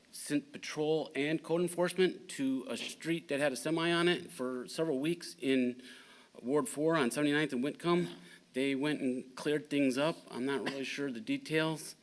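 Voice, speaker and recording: A man giving a blunt, indignant public comment at a town council meeting, with halting fillers. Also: mid-range voice. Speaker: resident speaking at public comment.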